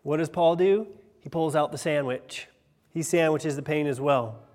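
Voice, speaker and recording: A man in his thirties preaching a sermon as pastor, earnest, rising loud on key phrases and dropping soft on others. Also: fairly high pitch, normal speed. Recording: long hall reverb.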